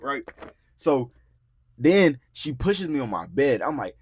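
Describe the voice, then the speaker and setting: A young man hosting a podcast, telling a story in casual, profane talk, acting out quotes loudly and filling his speech with "bro" and "like". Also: mid-range voice, animated, fast, husky, no room sound, clean studio sound. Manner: frequent filler words like "bro" and "like". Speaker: podcast host. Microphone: podcast mic.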